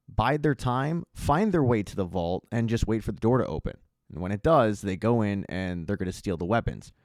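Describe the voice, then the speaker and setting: A man's voice: lowish voice, darkish tone, no echo, clean studio sound. A man narrating a casual, chatty recap of a TV season's plot. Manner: conversational, chatty storytelling. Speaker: TV recap YouTuber.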